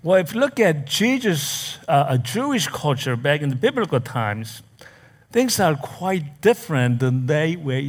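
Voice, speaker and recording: A man preaching a sermon in a church, reading scripture and explaining it slowly and deliberately. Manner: slow, deliberate preaching with lively pitch swings. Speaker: pastor. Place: church in America.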